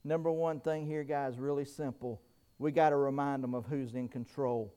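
A middle-aged man preaching a sermon, full of amens, stammered restarts and sudden shouts, pausing short of breath. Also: medium pitch, steady tone, smooth. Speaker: pastor.

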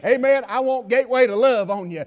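A man preaching a sermon in a church, swinging from quiet asides to shouted lines. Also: very high-pitched, fairly quick. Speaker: pastor. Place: church sanctuary.

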